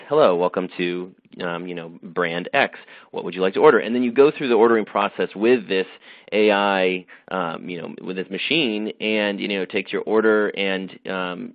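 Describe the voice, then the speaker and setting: Low-voiced man answering with many ums. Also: no echo. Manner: thoughtful, frequent fillers and restarts. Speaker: magazine editor, interview guest. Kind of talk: conversational interview answers. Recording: dull, dry sound.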